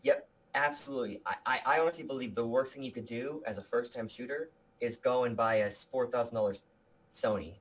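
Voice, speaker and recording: A man's voice: medium pitch, fairly quick. A man being interviewed about his video production company, talking with energy and earnestness, often restarting his sentences. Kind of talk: casual interview talk.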